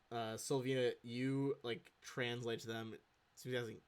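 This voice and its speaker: A man's voice: medium pitch, steady tone, moderate pace, clear, resonant tone. A man narrating a tabletop game as game master, with a casual, rambling delivery.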